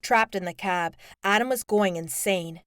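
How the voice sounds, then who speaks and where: A woman's voice: mid-range voice, unhurried, fairly bright tone, smooth, no room sound. Woman narrating an audiobook, dry close sound.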